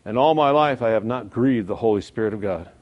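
A man teaching a church Bible class in a conversational sermon, emphatic, asking rhetorical questions and swinging between loud stresses and quiet asides. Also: on the low side, animated, fairly quick, lo-fi sound.

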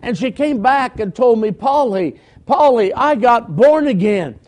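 A man preacher voicing a gentle woman airline passenger in an earnest raised voice. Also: on the high side, expressive, a little slow, voice pushed up. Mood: wondering.

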